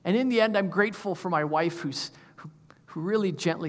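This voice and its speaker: A man's voice: sits high, fairly quick. A man in his fifties preaching a sermon as pastor, emphatic and full of rhetorical questions. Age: 50s. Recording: long reverb of a large hall.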